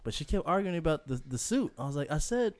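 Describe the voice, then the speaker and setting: A man's voice: on the high side, animated, fast, darkish tone. A man co-hosting a casual group podcast, telling stories with quoted asides and frequent laughter. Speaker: podcast co-host.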